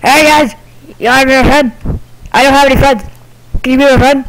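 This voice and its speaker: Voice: sits high, steady tone, a little fast, fairly bright tone, a little hiss or hum, pitched above the performer's own voice, poor audio. A gamer voicing a lonely, needy ghost who keeps begging people to be friends, in a whiny, pleading way.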